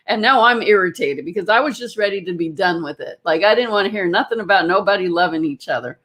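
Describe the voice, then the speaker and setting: A woman's voice: a little high, animated, normal speed, fairly bright tone. A woman energy healer telling a personal story to a group in a casual, rambling way, with many fillers and restarts.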